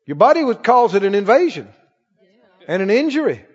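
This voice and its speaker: A man pastor preaching a sermon emphatically, rising to shouts and dropping to quick asides. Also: high-pitched, sing-song, husky. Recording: dull sound with long church reverb.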